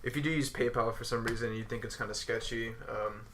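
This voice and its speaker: A man's voice: mid-range voice, little pitch movement, quick pace, fairly bright tone, a little hiss or hum. A young man co-hosting a casual podcast, laid back, adding short remarks and tips. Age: young adult. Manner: laid-back, chimes in and laughs along. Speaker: podcast co-host. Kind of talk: casual chat.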